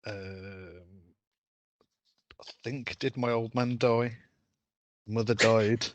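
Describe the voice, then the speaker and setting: A man's voice: lowish voice, steady tone, very slow, lo-fi sound, background noise. A man, a player chatting casually at a tabletop game, hesitant and thinking aloud.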